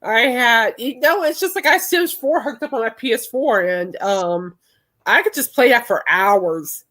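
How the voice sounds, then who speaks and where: A woman's voice: fairly high pitch, lively intonation, normal speed, fairly bright tone. A young adult woman hosting a podcast in casual chat, rambling and laughing often. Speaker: podcast host.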